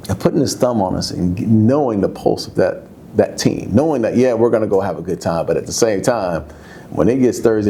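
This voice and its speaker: A man in his fifties with a low, warm, mellow voice tells old locker-room stories in a loose, slangy interview. His pitch leaps up whenever a memory excites him, then drops back down. It sounds like a sit-down studio chat. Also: a little hiss or hum. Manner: animated, rises high when excited, casual slang. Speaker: former football player, interview guest. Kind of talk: candid conversational storytelling.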